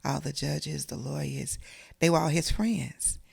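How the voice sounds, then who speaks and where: Middle-aged woman, deep gravelly voice, pours out her story real earnest. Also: steady tone, unhurried, darkish tone. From South Carolina, US. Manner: emotional, earnest, conversational. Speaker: interview guest. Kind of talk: personal storytelling.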